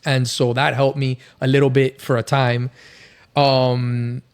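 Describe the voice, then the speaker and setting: A man's voice: medium pitch, little pitch movement, slow pace, smooth. A man speaking as a podcast guest, telling his faith story in a loose, rambling way, full of fillers. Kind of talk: casual testimony storytelling.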